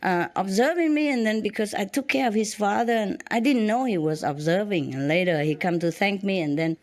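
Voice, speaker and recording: Woman, halting. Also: mid-range voice. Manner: halting, frequent restarts and fillers. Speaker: spiritual teacher. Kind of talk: personal storytelling to students.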